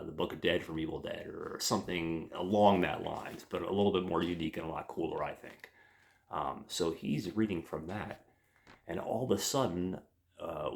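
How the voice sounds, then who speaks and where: A man casually recounting a movie in a review, hesitant and meandering. His voice sits very low, with a gravelly fry. He keeps addressing his listeners as guys.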